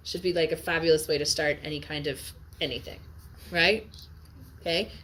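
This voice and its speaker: A woman teaching a Latin class, chatty and lively, checking in often with her students and sounding a bit tired. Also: low voice, moderate pace, slight background noise. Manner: lively, chatty, asks frequent check-in questions. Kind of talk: classroom lecture on a Latin text.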